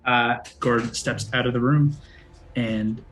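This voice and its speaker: A man's voice: mid-range voice, fairly even intonation, takes it slowly, a bit bright, a little hiss or hum. A man running a tabletop role-playing game as game master, thinking aloud and joking as he goes.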